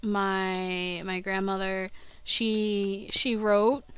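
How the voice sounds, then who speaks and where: A woman's voice: mid-range voice, level tone, drawn-out words, smooth, no room sound. A young woman vlogging casually, rambling and interrupting herself, often laughing at her own slips. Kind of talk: casual rambling video diary.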